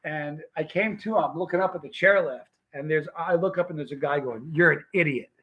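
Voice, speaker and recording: Male vlog host, slightly high voice, casual, emphatic storyteller. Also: fairly quick, a bit bright, low-quality recording. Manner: rambling, emphatic, restarts sentences.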